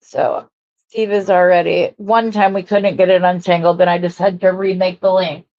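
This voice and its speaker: A woman's voice: fairly low pitch, flat delivery, moderate pace, a little mellow, muffled recording. A woman hosting a jewelry-making live stream, chatting casually and rambling as she greets viewers and works.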